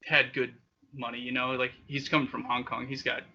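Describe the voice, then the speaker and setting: A young man hosting a podcast, telling wild stories in a casual, profane, animated way with frequent laughter. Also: mid-range voice, brisk, slight background noise. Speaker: podcast host. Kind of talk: casual storytelling. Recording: dull lo-fi sound.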